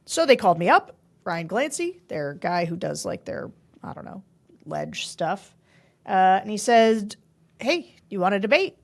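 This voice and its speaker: Animated chatty woman podcast host. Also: medium pitch, a little slow, vocal fry. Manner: chatty, animated storytelling with laughs. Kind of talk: casual political chat.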